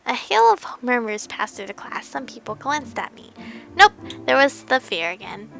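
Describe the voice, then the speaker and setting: Young woman streamer, bright and a bit high, giggly narrator with music under. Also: sing-song, moderate pace, vocal fry, poor audio. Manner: playful, giggly asides between narration. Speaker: game streamer. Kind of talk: reading a visual novel aloud with reactions.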